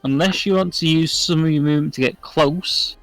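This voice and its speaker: A man narrating as game master of a tabletop game, often pausing to apologize and look through his notes. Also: fairly high pitch, a bit bright, no room sound, faint music behind.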